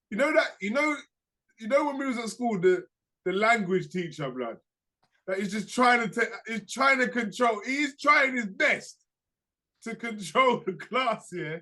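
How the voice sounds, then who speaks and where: A young man, chatting casually as a podcast co-host and telling lively stories in slang. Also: high voice. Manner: animated storytelling, slangy, laughs through anecdotes. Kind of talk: casual chat.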